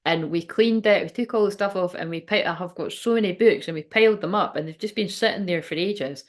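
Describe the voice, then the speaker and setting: A woman's voice: lowish voice, a little fast. A woman who works as a spiritual medium, rambling chattily and emotionally on a live stream and laughing often. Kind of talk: casual live-stream chat.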